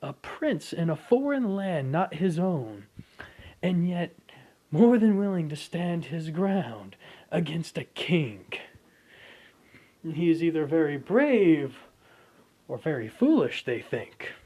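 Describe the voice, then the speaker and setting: A man's voice: fairly high pitch, big pitch swings, takes it slowly, pauses often, mellow. A man narrating an improvised fan story casually, with restarts and asides.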